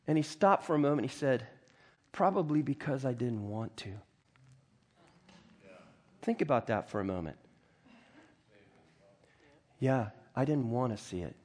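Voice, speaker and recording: Man, pastor delivering a sermon; mid-range pitch, conversational and animated, frequent throat-clearing. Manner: reads scripture aloud and comments in a conversational, animated way.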